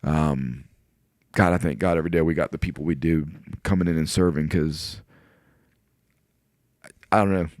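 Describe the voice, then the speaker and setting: A middle-aged man with a deep, low voice talks as a guest in a podcast studio. He tells personal stories in relaxed, casual chat, earnest and openly emotional. The sound is close and dry, with no room echo. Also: normal speed, pauses often.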